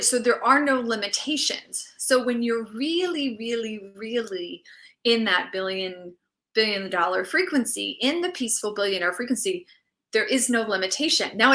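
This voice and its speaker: A woman coaching on money mindset, telling a story with lively acted quotes and frequent restarts. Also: medium pitch. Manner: animated storytelling, acts out quoted friend; repeats and restarts phrases. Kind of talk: motivational talk to camera.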